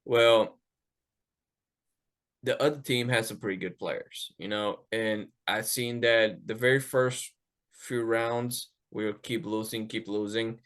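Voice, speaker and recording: A man hosting a podcast, telling a casual story in an animated way, swearing freely and acting out the quotes. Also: on the low side, slow pace. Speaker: podcast host.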